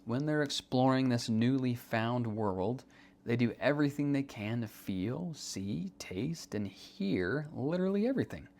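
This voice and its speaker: A man's voice: medium pitch, lively intonation, unhurried, darkish tone. A young man hosting a self-help podcast, explaining ideas in an earnest, conversational way and repeating key points for emphasis. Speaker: podcast host. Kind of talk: earnest podcast teaching monologue.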